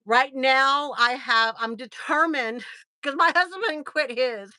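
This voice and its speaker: A middle-aged American woman chats through a story on her livestream, with a bright, forceful voice pitched a little high. She laughs often and acts out the lines of the people in her story. The sound is dry and close. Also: slow, dry recording. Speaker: livestream host.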